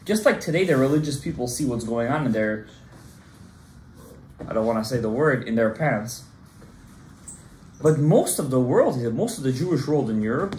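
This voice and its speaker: Man, animated Torah class, lively pitch swings, roomy echo, loud-soft emphasis. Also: normal speed, long pauses, a little hiss or hum. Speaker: rabbi giving a Torah class. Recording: echoey room.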